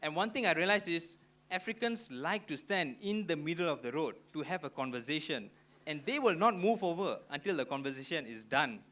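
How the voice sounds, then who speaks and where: A young man from Malaysia with a Malaysian English accent, doing an animated stand-up routine in front of a live audience. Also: fairly high pitch, fairly quick. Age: young adult. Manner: animated, punchy storytelling. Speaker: stand-up comedian. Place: auditorium stage before a live audience.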